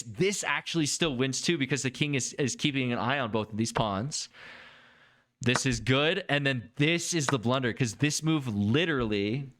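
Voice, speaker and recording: A man streaming a chess game review, excitable and quick to exclaim and laugh as he talks to his viewers. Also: mid-range voice, no echo, clean studio sound.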